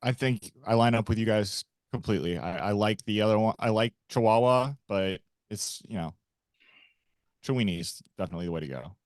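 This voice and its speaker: A man co-hosting a podcast, dropping deadpan wisecracks in casual chat. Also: lowish voice, brisk, dry recording. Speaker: podcast co-host.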